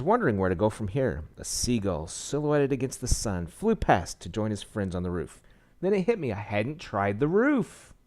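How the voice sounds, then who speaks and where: A man's voice: mid-range voice, darkish tone. A man reading a visual novel aloud, with small slips and asides, saying he is losing his voice. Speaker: game narrator.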